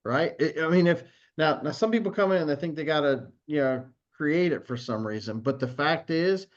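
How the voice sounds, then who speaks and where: A man's voice: a little high, moderate pace. Host guy coaching a guest on a video call, encouraging, kinda muffled lo-fi audio. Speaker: host asking questions. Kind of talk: interview on a team call.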